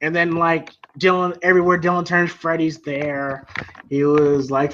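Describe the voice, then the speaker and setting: On a dull lo-fi recording with faint hiss, a male podcast host chats casually about movies. His high-pitched, fairly bright voice moves at normal speed while he rambles, restarts, leans on fillers and laughs often.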